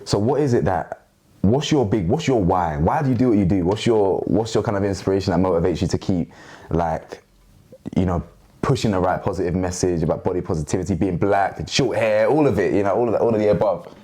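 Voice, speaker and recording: Deep fast-talking host. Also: male voice. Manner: relaxed and slangy, constant murmured agreement. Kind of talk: casual interview chat.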